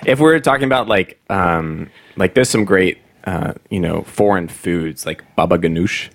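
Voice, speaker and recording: Casting note: eager male podcast host, lowish voice, drawn-out words. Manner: enthusiastic, savoring words, stretches them out slowly. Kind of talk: casual chat.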